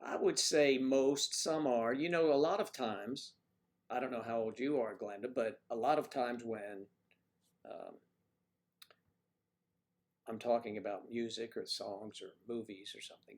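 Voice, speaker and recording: A man's voice: mid-range voice, a little slow. A man hosting a casual livestream who rambles in a folksy way and answers viewer comments. He is from the Mid-Atlantic United States and speaks with no marked accent. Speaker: livestream host.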